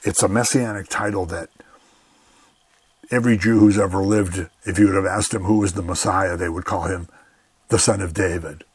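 A man's voice: low-pitched, fairly even intonation, moderate pace, slightly rough, no room sound. A man giving a radio Bible teaching in an earnest, conversational way, often saying "you know".

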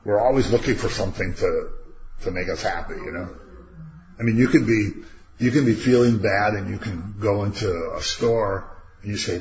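A man with a low voice leads a casual Bible study, talking through the passage in a conversational way and acting out what people say. The recording is dull and lo-fi, with a faint hiss behind him. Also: normal speed. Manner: conversational, rhetorical questions, acts out quotes.

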